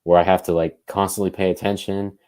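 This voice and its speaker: Man, very low pitch, mellow tone, relaxed podcast co-host who thinks out loud. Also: brisk, clear, resonant tone. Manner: thinks aloud, loose and conversational. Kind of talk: casual podcast chat.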